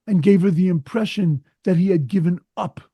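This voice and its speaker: Husky, higher-voiced rabbi telling a story. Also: male voice, normal speed, dark tone, no echo. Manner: earnest, emphatic storyteller. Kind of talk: sermon with storytelling.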